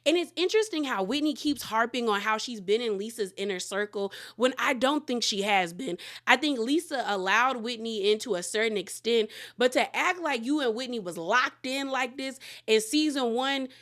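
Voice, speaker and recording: A woman with a high voice casually retells a reality TV episode. She talks in an animated way and acts out the quarrels line by line, often breaking into laughter as she goes. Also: normal speed, few pauses. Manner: animated retelling, acting out quotes; laughs often while talking. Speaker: recap show host.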